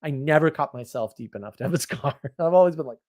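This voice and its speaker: A man hosting a casual livestream, chatting and reacting to viewer comments in a rambling, opinionated way, often getting louder or dropping suddenly to a mutter. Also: fairly high pitch, expressive. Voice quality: rambling, opinionated, quick shifts in loudness. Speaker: livestream host.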